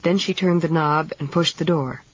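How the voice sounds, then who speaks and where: A narrator giving a steady, measured reading of a novel. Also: mid-range voice, breathy edge, dry recording. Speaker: audiobook narrator. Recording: dull lo-fi 1970s audiobook tape.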